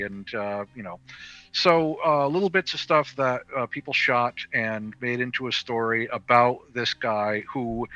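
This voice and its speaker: A man talks through a film he liked in a loose, rambling way, stumbling over fillers and restarting his sentences. His voice has a very bright, edgy tone. The sound is dry and a little muffled, like a call. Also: medium pitch, normal speed, no room sound. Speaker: podcast guest reviewer. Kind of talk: casual film review chat. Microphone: video call.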